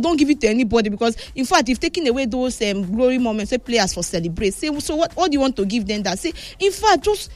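High-voiced Nigerian Pidgin news woman. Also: no echo. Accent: Nigerian Pidgin English. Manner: animated, emphatic, retelling quotes with "say". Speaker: football news presenter. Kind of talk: casual football news commentary in Pidgin.

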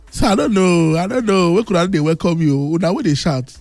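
Boastful Nigerian man, husky and lively. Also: a little high, moderate pace, no echo, soft background music. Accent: Nigerian Pidgin English. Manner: brash, teasing, loud boasting. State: thick, under-the-weather voice. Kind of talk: boastful casual radio banter.

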